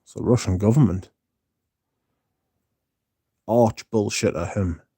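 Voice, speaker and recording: A man's voice: fairly low pitch, slow, dark tone, husky, no room sound, studio quality. Blunt, sweary man. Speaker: livestream host reading viewer chat. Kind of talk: casual livestream chat.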